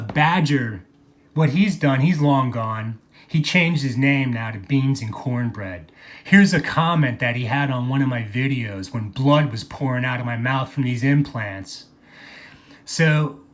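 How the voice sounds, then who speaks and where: A man delivering an angry, profane vlog monologue, mocking people and repeating phrases for emphasis. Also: medium pitch. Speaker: video blogger.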